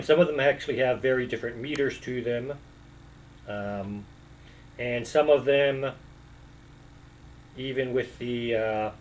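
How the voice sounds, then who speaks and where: A man with an ordinary mid-range voice talks in a loose, rambling way as the host of his own video. He hesitates a lot, restarts his sentences, and fills pauses with "um" and "uh." Now and then he slips into a few sung lines. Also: medium pitch, low-quality recording. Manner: breaks into short bits of song. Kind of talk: casual rambling monologue.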